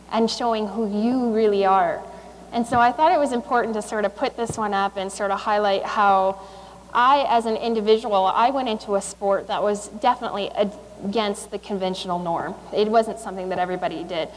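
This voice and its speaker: A woman's voice: a little high, big-room sound, a little hiss or hum, rough recording. A woman in her thirties, an athlete giving a motivational speech at a school in a conversational way, with fillers and restarts. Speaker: guest speaker, Olympic speed skater. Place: school assembly.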